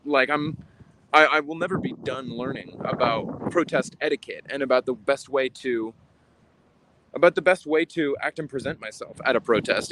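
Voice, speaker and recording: A man's voice: fairly high pitch, noisy background. Young man reflecting while walking outdoors. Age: 20s. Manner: reflective, halting, sighs often. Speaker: livestreamer. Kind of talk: walking livestream talk. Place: outdoors on city streets.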